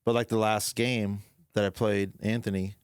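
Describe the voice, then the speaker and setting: A man's voice: fairly low pitch, level tone, normal speed, smooth, dry recording, studio quality. A man who is the show's audio producer, chatting casually and answering in short, laid-back lines. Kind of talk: casual chat.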